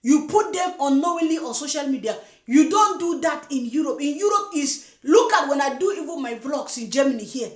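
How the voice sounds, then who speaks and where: A woman's voice: sits high, lively intonation, brisk, few pauses, echoey room. A woman giving a scolding, preachy reaction commentary. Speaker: commentary vlogger. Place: lives in Germany.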